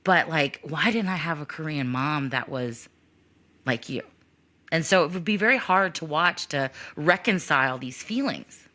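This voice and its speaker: A woman's voice: sits low, animated, unhurried, pushed and bright. A woman co-hosting a podcast, speaking in an earnest, personal and openly emotional way. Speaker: podcast co-host. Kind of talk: casual interview talk.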